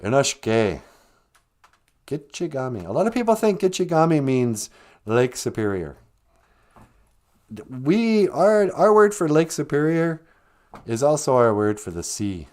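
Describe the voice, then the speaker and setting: A man's voice: mid-range voice, unhurried, pauses often. Joking man hosting a live stream. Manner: joking, laughs often, relaxed teaching. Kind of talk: comic language lesson, live stream.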